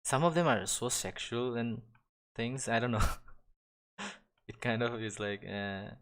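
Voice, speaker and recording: Here a young male digital artist chats while drawing live, his medium-pitched voice fairly bright and a little slow. The talk is rambling and casual, broken by restarts, fillers, and small chuckles.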